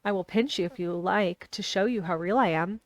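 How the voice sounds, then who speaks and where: Blunt inquisitive young girl, stubborn, direct questions, a woman voicing her, middle pitch, dry. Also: brisk, no room sound, natural voice. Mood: curious.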